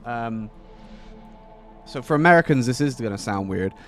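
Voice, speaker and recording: A man's voice: mid-range voice, animated, normal speed. Male streamer, casual rambling chat over a game, faint music behind. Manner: rambling, many fillers and restarts. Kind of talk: casual chat while gaming.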